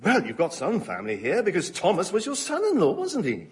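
Fussy man with a high, lively voice. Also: a little fast, heavy background noise. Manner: fussy and eager to please. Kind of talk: sitcom acting.

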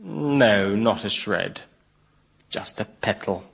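A man's voice: lowish voice, lively intonation, slow, creaky, heavily acted. An actor playing a prim, stern male angel in a radio comedy, talking dryly and accusingly.

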